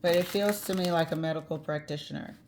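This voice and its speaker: Woman tarot reader, low-pitched, chatty and blunt, slight hiss behind. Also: fairly even intonation, quick pace, a little mellow. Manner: chatty, blunt, laughs easily, occasional swearing. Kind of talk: casual tarot reading.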